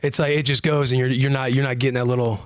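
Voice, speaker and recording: A man's voice: mid-range voice, flat delivery, fast, no room sound. A man co-hosting a podcast, talking earnestly and reflectively in casual chat. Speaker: podcast co-host.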